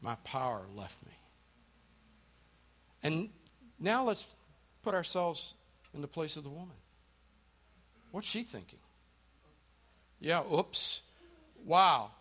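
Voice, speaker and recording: A man's voice: fairly high pitch, lively intonation, takes it slowly, pauses often. A man teaching an interactive Bible study to a live group, telling the story and asking his listeners questions. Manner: asks the group questions and thanks responders; storytelling, drops to a hush for dramatic moments.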